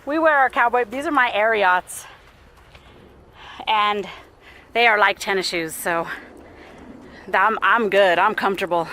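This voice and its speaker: A young mom vlogs a family walk on an outdoor trail, chatting casually, laughing often, and cooing at her toddler while a bit out of breath. Her mid-range voice is unhurried and sharp-toned, with long pauses. The audio is poor, with a little hiss or hum.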